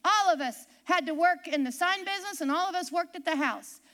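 A woman pastor delivers a sermon from a church pulpit, with a very high voice and a bright, forceful edge. She tells stories emphatically, driving her points home by repeating key phrases. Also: brisk.

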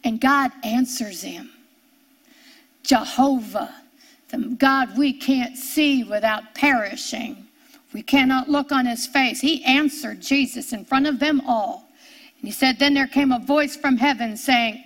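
A woman preaching a sermon, reading scripture slowly and drawing out her words. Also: sits high, fairly bright tone. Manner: slow, drawn-out scripture reading.

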